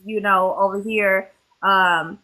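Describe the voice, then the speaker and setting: Bright-voiced woman, measured panel guest. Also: mid-range voice, fairly even intonation. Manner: measured, affirming, uses many fillers. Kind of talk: casual panel chat.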